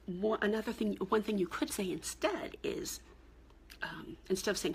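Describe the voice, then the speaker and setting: A middle-aged woman, a cancer coach, giving blunt, exasperated advice straight to camera in a husky, gravelly voice. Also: medium pitch, measured pace, long pauses, slight background noise. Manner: blunt, exasperated, emphatic with rising outbursts. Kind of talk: direct-to-camera advice talk.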